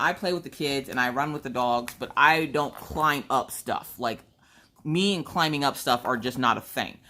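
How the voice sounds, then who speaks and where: Animated woman telling a story. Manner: animated, acts out her own quotes in a higher voice. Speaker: crafting channel host. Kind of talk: casual storytelling chat.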